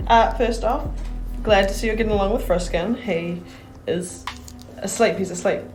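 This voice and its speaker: A woman's voice: mid-range voice, normal speed, a little mellow. A woman playing a tabletop game, casual and giggly as she talks in character, over background music. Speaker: player.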